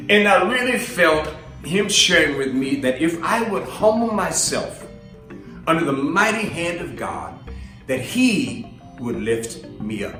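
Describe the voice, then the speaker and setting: A man's voice: fairly high pitch, fairly bright tone, reverberant, distant mic. A man and minister giving a casual, storytelling sermon, chatty and laughing as he acts out voices in his stories. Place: live stream from a roomy space.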